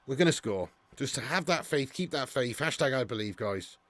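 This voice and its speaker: A man hosting a live football watch-along, commentating and reading viewer chat, excitable and swearing freely. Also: mid-range voice, moderate pace, no room sound. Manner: excitable, swears freely, swings from muttering to shouting. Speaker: fan channel host.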